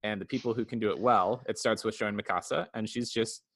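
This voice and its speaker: A man's voice: fairly low pitch, fairly even intonation, fast, fairly bright tone, dry recording, clean studio sound. A man co-hosting a casual podcast, animatedly retelling scenes and acting out characters' lines. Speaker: podcast co-host. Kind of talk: casual podcast review chat.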